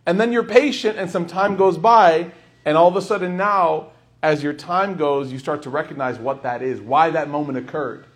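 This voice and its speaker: A man's voice: a little high, moderate pace. A man giving a scripture lecture, telling personal stories and acting out the dialogue. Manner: storytelling, acts out dialogue. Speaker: Quran teacher.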